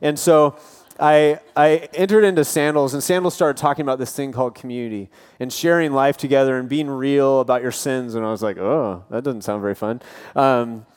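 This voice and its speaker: A man's voice: mid-range voice, steady tone, brisk, darkish tone, smooth. A man in his thirties, a campus pastor, preaching an earnest, casual sermon full of personal stories and light self-deprecating humor. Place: church auditorium.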